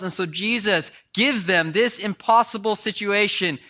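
A man preaching a sermon, swinging between loud declarations and hushed, pleading passages. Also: high-pitched, normal speed, few pauses, highs cut off. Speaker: pastor.

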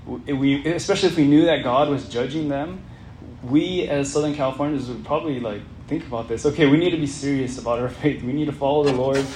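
A man's voice: mid-range voice, quick pace, darkish tone. A man teaching an interactive Bible study lesson in an earnest way, putting questions to the group as he reads. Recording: roomy echo, faint background noise.

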